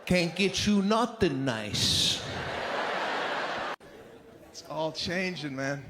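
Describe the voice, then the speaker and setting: A man doing a stand-up routine, ranting in an animated, indignant way that builds to outbursts. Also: a little high, very slow, very noisy. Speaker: stand-up comedian.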